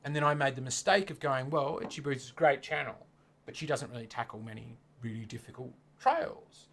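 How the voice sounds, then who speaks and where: A young man co-hosting a casual livestream, animated, often mimicking other people's comments in mocking voices. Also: mid-range voice, a little fast, vocal fry. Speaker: co-host of motorcycle channel.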